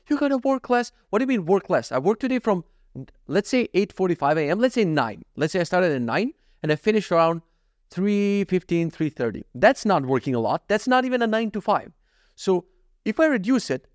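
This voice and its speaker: A man's voice: high-pitched, very animated, brisk, no room sound, clean studio sound. A man hosting a casual solo podcast, ranting in an exasperated, profane way and often saying "dude". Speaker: podcast host.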